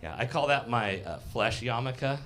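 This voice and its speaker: A man's voice: mid-range voice, expressive, moderate pace, crowd noise. Man, fifties, stand-up comic in a cafe, rambling self-deprecating patter. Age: 50s. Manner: rambling, self-deprecating, filler-heavy delivery with acted-out voices. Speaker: stand-up comedian. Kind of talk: live stand-up set. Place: live comedy cafe stage.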